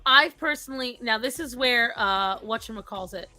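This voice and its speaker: A woman's voice: on the high side, moderate pace, bright, forceful tone, dry recording, soft background music. A woman with a thick Rhode Island accent, telling stories in casual chat, laughing often and swearing freely. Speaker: podcast co-host.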